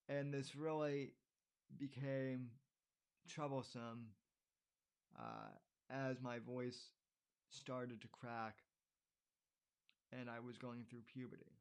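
A man in his twenties hosts a podcast, reading his own essay in a mid-pitched voice. He steps away from the text for loose asides, calling his listeners "folks" or "ladies and gentlemen" and filling pauses with "uh" before returning to the article. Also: clear, resonant tone. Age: 20s. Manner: frequent uh fillers and restarts in asides. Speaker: podcast host.

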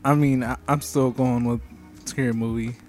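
A man's voice: medium pitch, fairly even intonation, normal speed, a little mellow, faint music behind. A man in casual chat with friends, joking and laughing between remarks.

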